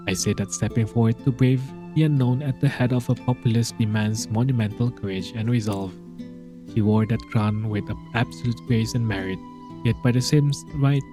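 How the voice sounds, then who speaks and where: A man voicing a gentle, solemn female star goddess, reading her game lines in a soft, formal and grave way. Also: medium pitch, close to an everyday voice. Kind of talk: reading game dialogue aloud.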